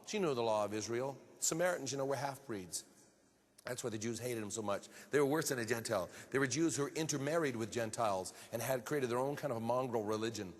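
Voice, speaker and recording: A man preaching a sermon earnestly, building to emphatic high-pitched peaks. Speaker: pastor. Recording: long hall reverb.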